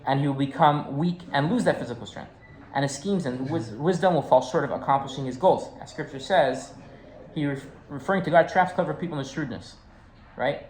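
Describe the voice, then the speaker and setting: A man's voice: a little high, brisk, a little mellow. A rabbi teaching a class, telling a story and checking in with his listeners with a casual "right?". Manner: conversational, keeps checking in with "right?". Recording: roomy echo, faint background hum.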